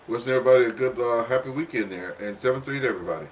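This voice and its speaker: A man's voice: medium pitch, very fast, hardly any pauses, a little hiss or hum. Ham radio net host, male, casual rambling talk, coughing fits, out of breath. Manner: rambling with many fillers, says "there" often.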